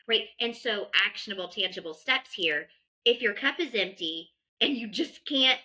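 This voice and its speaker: A woman's voice: fairly low pitch, pushed and bright, low-quality recording. A woman behavior analyst earnestly explaining parenting habits on a podcast, sometimes acting out what a parent might say. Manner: earnest, explanatory, acts out parent praise lines. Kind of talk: conversational advice in a podcast.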